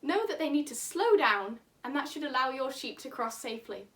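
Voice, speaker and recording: A cheerful, breezy male railway signalman gives loud, high reassurance, as a woman puts him on. The voice sits a little away from the mic. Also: sing-song, fairly quick, recorded from a distance.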